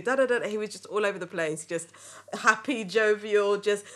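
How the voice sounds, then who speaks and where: A woman hosting a podcast, telling family stories in a lively, laughing way. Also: mid-range voice, brisk. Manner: lively, laughing, animated retelling. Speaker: podcast host. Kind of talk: casual storytelling chat.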